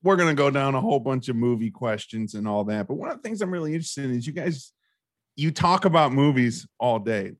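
A man hosting a podcast interview, playful and animated as he asks questions. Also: medium pitch, fairly quick, no room sound, studio quality.

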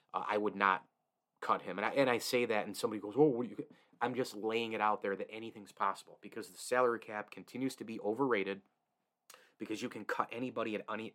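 A man's voice: fairly low pitch, steady tone, a little fast, sharp tone. A man hosting a solo sports podcast, opinionated and emphatic, with frequent restarts and chuckles. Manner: reads host-read ads.

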